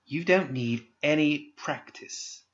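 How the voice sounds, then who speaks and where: A man's voice: mid-range voice, lively intonation, measured pace, fairly bright tone, lo-fi sound, voice pushed up. Man voicing a stern, scolding older girl. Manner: curt, scolding commands. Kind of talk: audiobook character voice.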